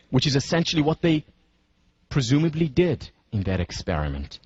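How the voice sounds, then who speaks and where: Husky-voiced man giving a deliberate lecture. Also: fairly high pitch, animated, darkish tone, no echo, dull audio. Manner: deliberate, emphatic, slows down to stress points; walks listeners through scenarios step by step. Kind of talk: university lecture.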